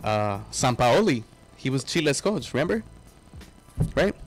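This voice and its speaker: A man's voice: mid-range voice, big pitch swings, a little slow, soft background music. A man co-hosting a soccer fan show, talking bluntly and eagerly about coaches. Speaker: podcast co-host. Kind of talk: casual sports chat.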